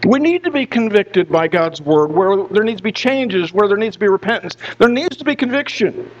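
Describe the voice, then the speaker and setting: A male pastor with a high voice preaches in an earnest, searching way, repeating words and restarting phrases as he presses his point. The recording is dull and lo-fi, with a steady mains hum underneath. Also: fairly quick, hardly any pauses. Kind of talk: sermon. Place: church.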